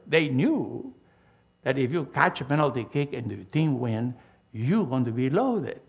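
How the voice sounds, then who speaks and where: Older preacher man, gravelly and animated. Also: fairly high pitch. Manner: emphatic preaching with a storytelling style, frequent restarts. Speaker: pastor. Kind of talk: sermon.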